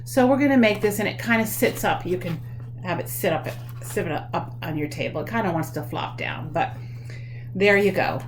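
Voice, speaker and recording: A woman leading a children's craft lesson from home, explaining things slowly and warmly for kids, with many pauses and ums. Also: fairly low pitch, background noise.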